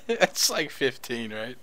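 A man's voice: a little high, fairly bright tone. A man chatting casually in an online voice chat, joking and laughing often.

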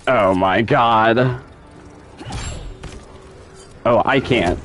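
A man's voice: medium pitch, extremely slow, fairly bright tone. A man streaming live gameplay commentary, exasperated and repeating himself as he talks to himself and his chat. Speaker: gaming streamer.

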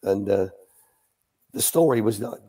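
Husky older man telling stories. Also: fairly low pitch, expressive, unhurried, warm tone. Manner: chatty, restarts sentences, acts out quotes. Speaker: former youth academy coach, guest. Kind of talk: anecdotal storytelling in a live Q&A.

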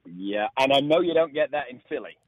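A man's voice: mid-range voice, brisk. Northern English man on a phone line. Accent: northern English, Leeds. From England. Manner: relaxed storytelling with restarts. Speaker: guest. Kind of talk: casual radio interview.

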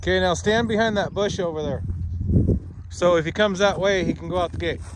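A man's voice: sits high, fairly quick, noisy background. A man talking casually outdoors for his vlog, coaxing and giving directions. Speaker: vlogger. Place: outdoors on a rural property.

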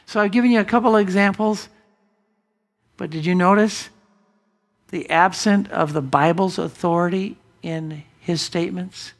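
A man preaching a sermon as pastor in a church, emphatic, with big swings from loud declarations to hushed asides. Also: sits high, normal speed, creaky. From United States. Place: church sanctuary.

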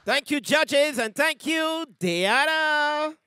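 Very high, bright-voiced male show host. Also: lively intonation, slow pace, no echo. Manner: announcing, hyping the crowd. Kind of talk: stage hosting.

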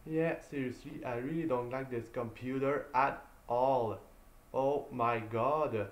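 A man's voice: medium pitch, takes it slowly. A man streaming a video game, talking casually to his viewers in an exasperated, sighing way and repeating himself as he vents. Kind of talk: casual live-stream chat. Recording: roomy echo.

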